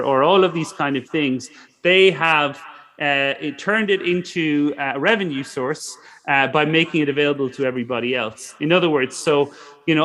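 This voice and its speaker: A man's voice: on the high side, fairly bright tone. A middle-aged man giving an online lecture to startup founders as a guest speaker. He talks loosely, with frequent "you know" asides and self-corrections.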